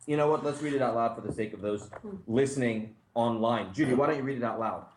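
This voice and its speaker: A man, a rabbi, teaching a class in a relaxed, conversational way with frequent asides. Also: medium pitch, fast, background noise. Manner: conversational, thinks aloud, many asides. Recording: echoey room.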